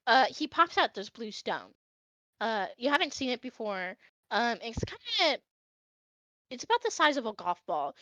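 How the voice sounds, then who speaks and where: Brief: female game master, higher voice, loose filler-heavy narration, lo-fi mic. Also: very animated, sharp tone, no echo. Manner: casual, halting, with many fillers. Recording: dull, dry lo-fi audio.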